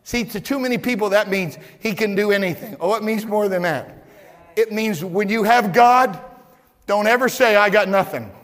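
A man delivers a sermon from the pulpit of his church, his voice high and bright. He presses his points with shouts and repeated words. A long reverb from the hall follows every line. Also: normal speed. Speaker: pastor.

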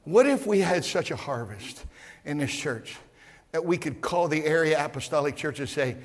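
A man preaching a sermon as pastor, shouting at times and repeating words as he builds. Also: fairly high pitch, expressive, normal speed, long reverb tail. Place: church.

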